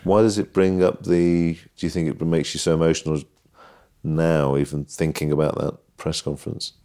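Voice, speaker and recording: Deep-voiced man reporter, dry sound. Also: flat delivery, dark tone, clear, resonant tone, dry recording. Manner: deliberate, descriptive. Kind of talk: interview and recollection.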